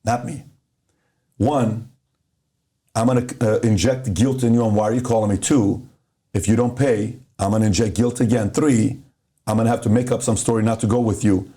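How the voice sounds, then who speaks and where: A middle-aged man from Iran tells a story in a mellow, warm voice. He hosts a casual chat and acts out the quotes he tells. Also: lowish voice, steady tone, normal speed. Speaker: host.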